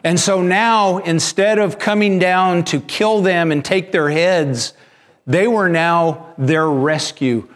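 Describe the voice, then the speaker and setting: Male pastor, sermon delivery, high voice, unhurried, repeats and restarts words.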